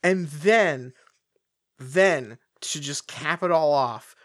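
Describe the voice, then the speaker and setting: A podcast co-host rambles through a casual conversation, stacking fillers and swearing freely. The voice is mid-pitched and sits close to a dry, deadened mic. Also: very slow, a bit bright, no echo. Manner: rambling, frequent fillers, profane. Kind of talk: casual chat.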